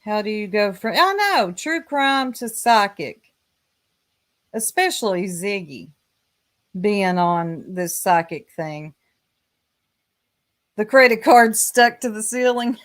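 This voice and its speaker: A Southern woman runs a relaxed livestream at an unhurried pace. She pokes fun at her subject and greets viewers by name in a chatty, mid-pitched voice. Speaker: livestream host. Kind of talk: casual livestream chat.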